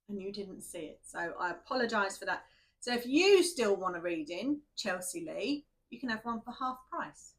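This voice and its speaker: A woman's voice: mid-range voice, sing-song, moderate pace. A woman, tired and shaky after night shifts, chatting casually and rambling to viewers before a tarot reading, laughing at herself. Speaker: tarot reader.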